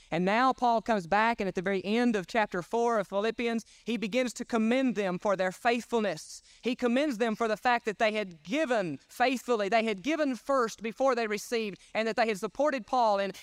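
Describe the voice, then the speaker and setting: A male pastor preaching a sermon in an emphatic, folksy storytelling way. His voice is high and clear. The recording is close and dry. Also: no room sound. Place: church service.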